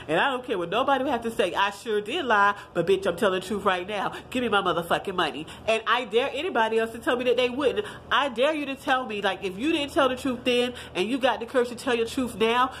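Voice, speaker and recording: Talking directly to the camera in a casual vlog, this woman in her 30s gets animated and profane as she bluntly airs her views, addressing everyone as y'all. She speaks at a medium pitch over a slight hiss or hum.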